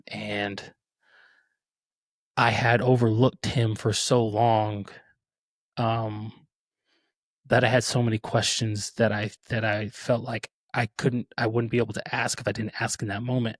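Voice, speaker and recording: A man's voice: on the low side, little pitch movement, a little slow, no room sound, clean studio sound. A man in his thirties, a podcast host telling a personal story in an earnest, reflective way with many restarts. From Texas. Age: 30s.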